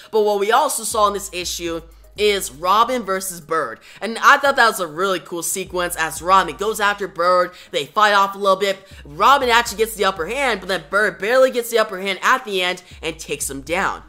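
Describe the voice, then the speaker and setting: A woman's voice: medium pitch, sharp tone. Rambling, enthusiastic comic reviewer woman. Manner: enthusiastic, rambling, filler words. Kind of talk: casual video review.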